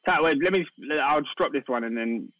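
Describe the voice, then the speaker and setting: A man's voice: medium pitch, brisk, pushed and bright, no room sound, highs cut off. A man, telling football anecdotes with amusement in casual banter. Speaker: podcast co-host.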